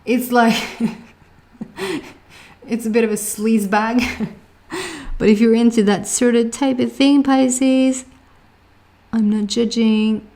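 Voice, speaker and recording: A woman's voice: on the high side, steady tone, takes it slowly, long pauses, warm tone. A woman with a Swedish accent giving a casual tarot reading, chatty, laughing often and searching for words. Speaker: tarot reader.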